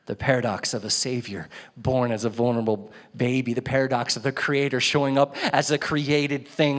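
A man's voice: medium pitch, steady tone, normal speed. Man preaching in a reverberant church. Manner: dramatic swings from loud emphasis to hushed tones. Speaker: pastor. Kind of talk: sermon. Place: church sanctuary. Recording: church hall with long reverb.

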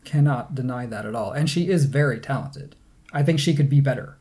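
A man's voice: mid-range voice, brisk, darkish tone, slightly rough. A man co-hosting a casual podcast, amused and laughing often as he chats. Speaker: podcast co-host.

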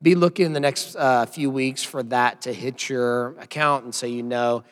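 A hoarse man in his thirties speaks as a pastor, his voice worn from yelling. He talks in a loose, chatty way, sprinkling in self-deprecating asides. His voice hangs in a long hall reverb at an ordinary mid pitch. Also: steady tone, moderate pace. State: hoarse from yelling while coaching. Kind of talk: church announcements and sermon opening.

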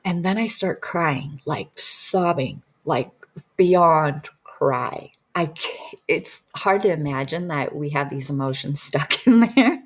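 Woman, low husky voice, casual earnest storyteller who sinks to a whisper. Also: lively intonation, takes it slowly. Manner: earnest and emotional, often dropping to a soft whisper. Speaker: guest recounting a regression session.

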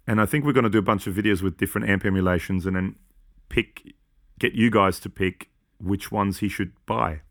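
A low-pitched Australian man, his intonation fairly even and his tone a bit bright, co-hosts a podcast. The conversation is casual and meandering, full of jokes and quick asides.

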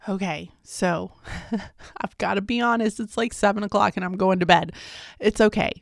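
A woman's voice: mid-range voice, moderate pace, creaky, slight background noise. A woman in her thirties hosting a podcast, chatting casually about her day, laughing often and calling her listeners "guys.". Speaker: podcast host. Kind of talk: casual video-diary chat.

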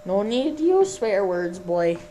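Woman playing a grumbling male bartender with a Minnesota accent. He talks low and curt in a slow drawl in this amateur radio skit. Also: sing-song, warm tone, slight background noise, low-quality recording. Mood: gruff.

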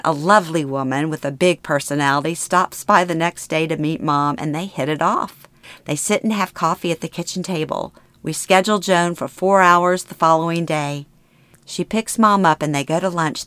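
Middle-aged woman reading her memoir aloud, low voice, close and dry. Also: dry recording. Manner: plain, steady storytelling. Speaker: memoir narrator. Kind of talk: first-person memoir reading.

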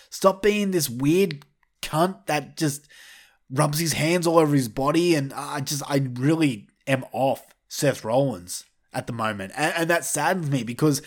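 A man with a slightly raised voice tears into his subject, with frequent swearing. His delivery is blunt and opinionated, in the manner of a heated vlog rant. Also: fairly high pitch. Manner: blunt, heavily profane, fired up. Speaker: wrestling commentator vlogger.

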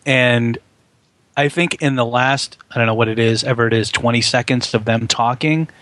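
A man's voice: mid-range voice, steady tone, normal speed, a bit bright, no echo. A man co-hosting a podcast, chatting casually about a film with many fillers and restarts. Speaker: podcast co-host.

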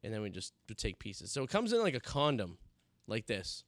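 A man co-hosting a casual talk show, chatty and halting with many fillers, teary and suffering from extreme spicy heat. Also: on the low side, very animated, no echo. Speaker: podcast co-host. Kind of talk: casual chat during a hot chip challenge. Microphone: headphones and studio mic.

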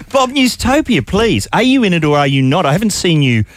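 A man hosting a radio show, playful and quick to laugh in casual banter. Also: high voice, noisy background. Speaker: radio host.

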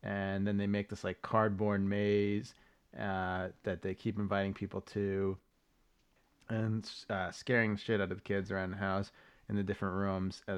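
A man with a smooth voice on the low side co-hosts a podcast, rambling casually through a recap and swearing loosely.

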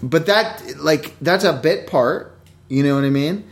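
A man's voice: a little high, animated, measured pace. A man who works as an actor, talking bluntly in casual chat and swearing for emphasis.

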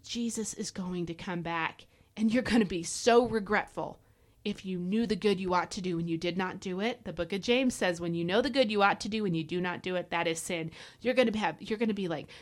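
A woman hosting a devotional podcast, exhorting listeners in a fervent, preachy way. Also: lowish voice. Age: adult parent. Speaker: podcast host. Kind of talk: devotional Bible teaching podcast.

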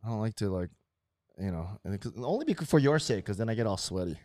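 A man's voice: on the low side, fast, dry recording. Brash swearing man. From Hawaii. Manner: brash, swearing, animated bursts. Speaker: host. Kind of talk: casual profane chat.

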